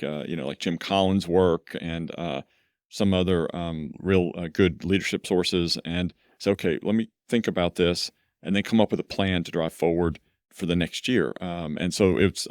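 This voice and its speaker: A middle-aged man with a very low voice talks through his thinking in a relaxed, meandering way, like an executive guest on a podcast. The sound is dry and close. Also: dry recording. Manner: reflective, rambling storyteller. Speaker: law firm CEO, podcast guest. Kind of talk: conversational interview.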